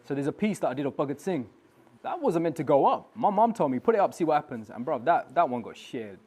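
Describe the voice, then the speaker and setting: A man, an artist guest chatting in a casual studio interview, animated and full of slang. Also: fairly high pitch, fairly quick, slightly rough. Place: live studio.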